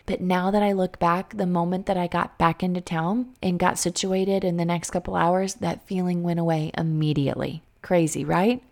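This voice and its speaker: A woman's voice: fairly low pitch, fairly even intonation, moderate pace, vocal fry, few pauses, darkish tone. Woman coach, 30s, earnest and emphatic, faith-y motivational talk straight at the listener.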